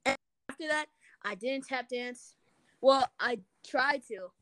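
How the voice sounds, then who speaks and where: A woman's voice: high voice, takes it slowly, fairly bright tone. A young woman chats casually in a slightly raised voice, recounting things frankly. She swears often and fills her talk with "like" and "you know.". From Minnesota. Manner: frank, swears freely, many fillers. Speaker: guest telling a story. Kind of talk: casual chat.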